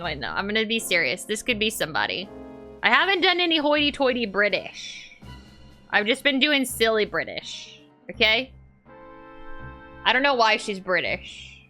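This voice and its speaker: Animated, bright-voiced woman streamer. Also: fairly high pitch, measured pace, soft background music. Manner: playful and animated, jokey asides. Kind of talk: casual let's-play commentary.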